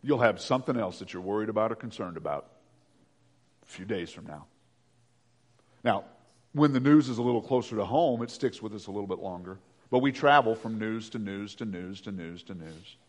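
A man's voice: fairly low pitch, lively intonation, a little fast. A man preaching a sermon in a conversational way, with joking asides. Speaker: pastor.

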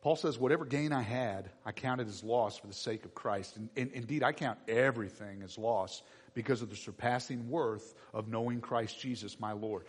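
A man preaching a sermon to his church, animated and acting out the voices of everyday people. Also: mid-range voice, normal speed, slightly rough. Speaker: pastor. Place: church sanctuary. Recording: long reverb in a church hall.

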